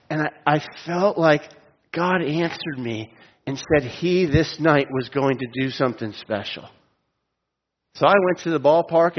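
A middle-aged man preaching a sermon, telling stories and asking the listeners direct questions. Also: mid-range voice. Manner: storytelling, asks listeners direct questions, chuckles at own jokes. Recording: dull sound with long hall reverb.

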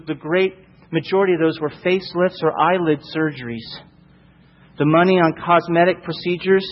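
A man's voice: fairly high pitch, in a large hall, highs cut off. A male preacher delivering a sermon emphatically, with repeated rhetorical questions.

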